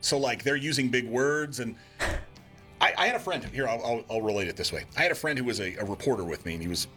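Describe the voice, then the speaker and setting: Animated, bright-voiced male radio host. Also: mid-range voice, fast talker, soft background music. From Nebraska, USA. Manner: lively, joking, rambling asides. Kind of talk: casual on-air banter.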